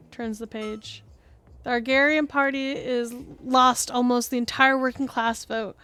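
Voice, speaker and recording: A young woman streams a story game, reading its dialogue aloud and breaking off into chatty, sarcastic asides with the odd swear word. Her voice sits a little high. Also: steady tone, unhurried, pushed and bright, clean tone.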